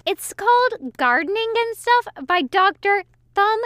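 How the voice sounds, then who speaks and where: A woman's voice: very high voice, expressive, measured pace, fairly bright tone, pitched above the performer's own voice, heavily acted. A woman voicing a drunk, giggly male demon who teases and sulks, in a fan fiction audiobook. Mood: playful tipsy. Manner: teasing, then grumbling and sulky.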